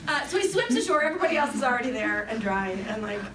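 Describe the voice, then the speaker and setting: A young woman giving an animated Bible talk as a youth speaker, storytelling with lively acted-out quotes. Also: on the high side, very fast. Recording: echoey hall from far off with background noise.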